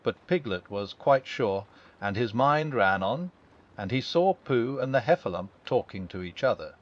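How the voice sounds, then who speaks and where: A man narrating a children's classic as a calm bedtime audiobook, gentle and expressive. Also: mid-range voice, normal speed. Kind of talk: calm bedtime storybook reading. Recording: dull lo-fi.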